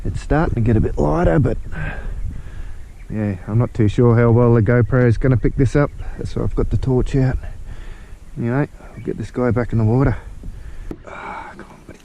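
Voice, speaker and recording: Australian man, fishing vlogger, easygoing chatter, mellow tone, muffled action-cam sound outdoors. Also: medium pitch, brisk, vocal fry, slight background noise. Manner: laid-back, chatty, talks to viewers while fishing. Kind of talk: casual outdoor vlog. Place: on a kayak outdoors on the water. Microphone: action camera.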